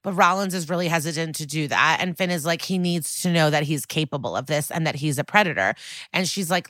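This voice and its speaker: A woman's voice: low voice, brisk, a bit bright, no echo. A woman podcast co-host recapping a TV episode in a casual, sardonic, swear-heavy chat. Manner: sardonic, profane, chatty.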